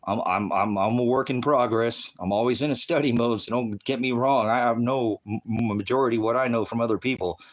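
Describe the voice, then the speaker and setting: An American man running a ministry live stream, delivering a profane, combative rant at his chat, swinging between low mutters and loud outbursts.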